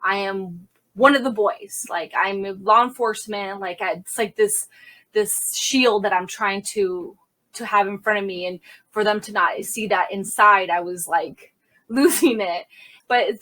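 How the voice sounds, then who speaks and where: A young adult woman, a crime scene investigator, telling a candid story in an interview and acting out the quotes loudly. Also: mid-range voice, unhurried. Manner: animated, acts out quotes loudly.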